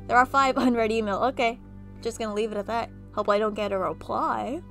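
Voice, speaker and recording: A woman with a somewhat high voice reads an interactive horror story game aloud. She often breaks into lively, chatty asides. Soft music plays faintly behind her. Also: fairly quick. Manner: animated, chatty asides between narration. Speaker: gaming video creator.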